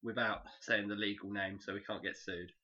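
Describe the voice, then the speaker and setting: A man's voice: fairly low pitch, steady tone, normal speed, bright, forceful tone. A man co-hosting a casual podcast, joking and rambling as he talks and swearing freely. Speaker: podcast co-host. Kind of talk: casual chat. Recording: dull lo-fi podcast audio.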